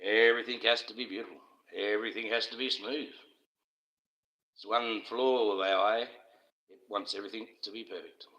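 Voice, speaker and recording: A man's voice: lowish voice, steady tone, normal speed, long pauses, bright, forceful tone, dull audio. An older man, hosting a casual livestream in a rambling, jokey way and chuckling to himself. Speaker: livestream host.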